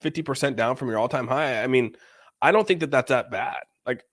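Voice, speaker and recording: A man's voice: mid-range voice, brisk, fairly bright tone, no echo, studio quality. A man in casual podcast chat, blunt and profane, rambling with lots of restarts.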